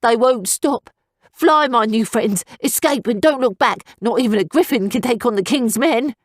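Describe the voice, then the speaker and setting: Kindly, awkward male trader, read by a woman; slightly lowered, dry studio read. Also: normal speed, dry recording, lightly acted. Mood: urgent. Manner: awkward and earnest.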